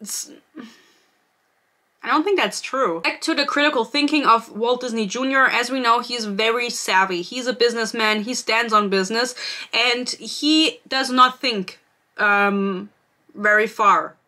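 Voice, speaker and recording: A woman's voice: on the high side, a little slow, sharp tone. A woman giving a casual, sarcastic book review rant, swearing freely and laughing often.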